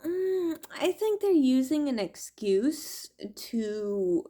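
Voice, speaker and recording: A woman's voice: sits high, big pitch swings, slow pace, dark tone. A woman tarot reader talking casually to camera, rambling, laughing often and swearing.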